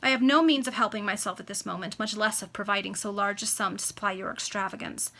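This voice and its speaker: A woman's voice: medium pitch, fairly even intonation, quick pace, pushed and bright. A woman reading as a scornful, sarcastic lady. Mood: mocking. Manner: cool, mocking. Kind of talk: amateur read-aloud of a classic novel.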